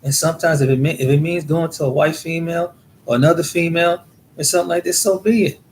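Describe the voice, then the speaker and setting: A man's voice: on the high side, fairly even intonation, fast, slight background noise. A man from the United States talking in a casual monologue, rambling and repeating words as he tells his experiences. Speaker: vlogger.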